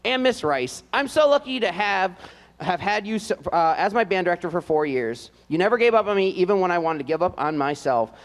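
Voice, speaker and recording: A man with a high-sitting, expressive voice and a fairly quick pace reads seniors' notes aloud at a live school band event. He uses fillers and tosses in light jokes. The recording has long hall reverb.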